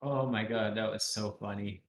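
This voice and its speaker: A man's voice: on the low side, fairly even intonation, normal speed, roomy sound. A man playing a tabletop game, eager and easily amused. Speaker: player. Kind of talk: casual tabletop play.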